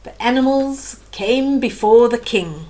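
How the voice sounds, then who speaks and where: A woman's voice: a little high, lively intonation, a little slow, dark tone. An older woman reading a children's bedtime story aloud as storyteller, with chatty asides about the pictures.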